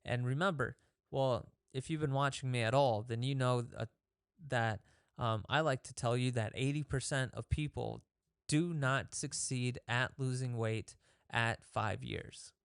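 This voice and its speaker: Male fitness host, smooth voice, dry close sound, casual coaching tone that acts out inner thoughts. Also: mid-range voice, unhurried, no echo. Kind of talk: casual motivational talk.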